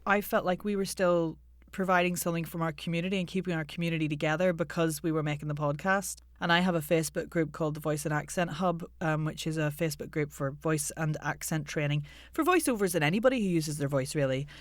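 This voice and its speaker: British voice coach chatting on a podcast, mid pitch, dry close sound. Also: quick pace, few pauses, dry recording. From United Kingdom. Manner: explanatory, animated, jokey asides. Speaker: podcast co-host, voice and accent coach. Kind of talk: casual interview chat.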